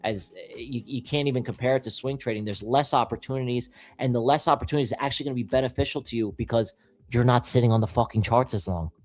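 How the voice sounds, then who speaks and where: A man's voice: mid-range voice, quick pace, a little mellow. A man hosting a live trading stream, giving blunt, emphatic advice with plenty of swearing. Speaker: trading show host. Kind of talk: casual live-stream chat.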